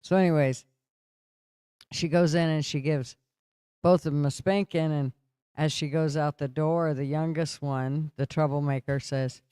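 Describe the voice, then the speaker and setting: A man's voice: a little high, fairly even intonation, unhurried, dark tone, clean tone, no room sound, clean studio sound. A man telling family stories in a chatty, casual podcast conversation, laughing as he talks. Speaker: podcast co-host. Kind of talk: casual storytelling chat.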